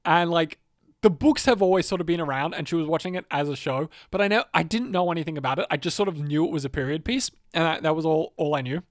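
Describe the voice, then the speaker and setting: A man co-hosting a casual podcast, rambling and swearing, with loud comic outbursts. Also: a little high, fast, no echo, clean studio sound. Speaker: podcast co-host. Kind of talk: casual banter.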